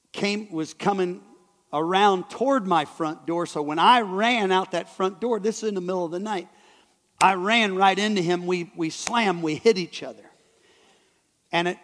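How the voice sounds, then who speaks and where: A high-voiced man preaches in a church hall and tells a story to the congregation. He stumbles and restarts his words often. His voice rings with a long hall reverb. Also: fairly bright tone. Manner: halting, repeats and restarts words. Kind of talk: sermon storytelling.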